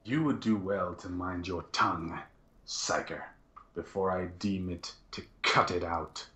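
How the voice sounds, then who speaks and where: Man doing a cold, haughty Inquisitor with a lowish voice, echoey room. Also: unhurried, bright, forceful tone, slight background noise. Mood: menacing. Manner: haughty, threatening. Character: stern male Inquisitor, cold and menacing.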